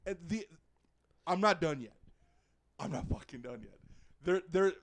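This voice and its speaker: Here a young co-host tears into a game on a podcast, exasperated, sarcastic and heavy on profanity. The voice is high with lively intonation and a measured pace, over a little hiss or hum.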